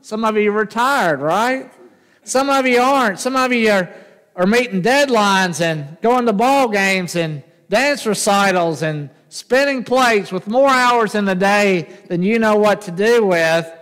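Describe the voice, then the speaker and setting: A pastor preaches a slow, measured sermon in a slightly high voice. He keeps turning to the congregation with questions and call-and-response. His voice rings with the long echo of a church hall. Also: expressive, a bit bright. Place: church sanctuary.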